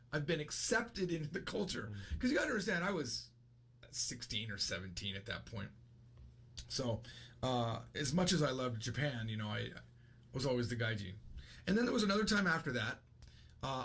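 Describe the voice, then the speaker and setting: A man's voice: a little high, a bit bright, husky. A man in his thirties giving a casual, rambling video lesson and correcting himself as he goes. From United States. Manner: chatty, rambling, self-correcting. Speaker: language teacher.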